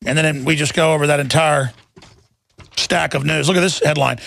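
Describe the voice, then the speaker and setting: Sarcastic ranting radio host, gravelly. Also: male voice, a little high, steady tone, moderate pace, a bit bright, dry recording, studio quality. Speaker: radio talk show host. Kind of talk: talk radio monologue.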